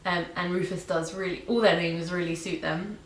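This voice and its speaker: Young woman vlogger from Britain or Ireland, lowish even voice, rambling and chatty, in an echoey room with a faint hiss. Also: moderate pace. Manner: chatty, many ums and likes. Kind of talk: casual pet tag video.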